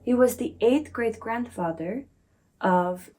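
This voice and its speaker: A woman's voice: on the high side, slow pace, mellow, soft background music, low-quality recording. A woman playing a crew officer, sharing findings eagerly.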